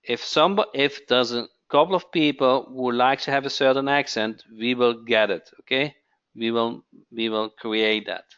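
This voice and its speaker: A man hosting a live webinar sales pitch, who keeps asking "okay?" and repeats his phrases. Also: fairly even intonation, a little slow, a bit bright, clean tone, dull audio. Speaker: webinar host.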